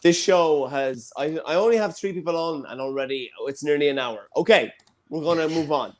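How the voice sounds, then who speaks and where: A man hosting a comedy show, joking and bantering with guests over a video call. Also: on the high side. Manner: animated, joking, quick asides.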